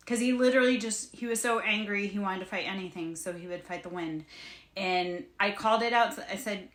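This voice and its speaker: A blunt, animated woman who talks casually and swears freely, with her voice at a middle pitch for a woman. She is heard in a roomy, echoey space. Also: fairly quick. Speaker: spiritual reader and livestream host. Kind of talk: casual livestream chat. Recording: roomy, echoey room sound.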